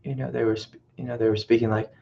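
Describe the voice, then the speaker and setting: A man's voice: medium pitch, flat delivery, fast, gravelly, mellow. A man who is a spiritual teacher, telling a story in a reflective way and often repeating his phrases. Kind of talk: satsang teaching talk. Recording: dull lo-fi webcast audio.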